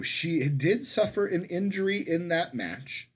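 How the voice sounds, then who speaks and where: A man's voice: fairly high pitch, lively intonation, measured pace, breathy edge. A man co-hosting a casual wrestling podcast, talking in a rambling way that keeps correcting itself. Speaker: podcast co-host.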